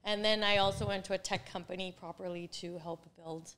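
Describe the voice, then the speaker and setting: A woman's voice: lowish voice, fairly even intonation, a little fast, fairly bright tone. A woman in her forties, a real estate coach, chatting as an interview guest and laughing often while she tells stories. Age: 40s. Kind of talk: casual interview chat.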